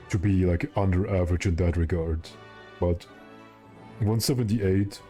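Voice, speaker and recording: A man's voice: low voice, dark tone. A young man streaming a game, chatting casually and rambling with his viewers while he plays. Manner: rambling, joking, answers chat.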